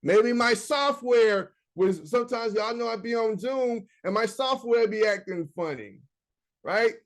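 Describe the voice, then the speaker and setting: High-voiced casual online business coach. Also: male voice, a little slow. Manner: casual, talks to viewers directly, reads notes aloud. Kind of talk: live screen-share coaching session.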